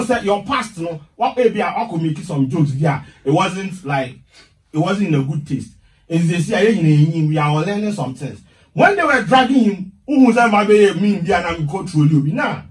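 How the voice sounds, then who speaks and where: A defiant Ghanaian man with a fairly high voice argues his side in radio banter, mixing English and Twi. He sits a little back from the microphone. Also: far from the mic. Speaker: radio guest.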